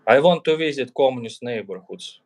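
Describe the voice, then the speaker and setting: Guy chatting on a stream, halting, lots of ums and likes. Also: mid-range voice, expressive. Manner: hesitant, many fillers. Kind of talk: casual chat. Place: in Serbia.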